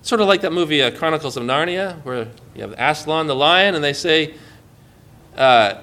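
A man preaching a sermon in an earnest way, often dropping soft and low as he quotes. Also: moderate pace.

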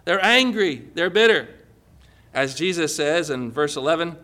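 A male preacher with a high, bright voice delivers his sermon with animated emphasis. He asks the listeners questions and leans hard into the key words. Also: moderate pace.

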